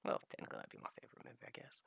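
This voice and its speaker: A man's voice: racing, a bit bright, whispered. A young man rambling through a casual gameplay chat, swearing freely and laughing at his own stories. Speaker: gaming streamer.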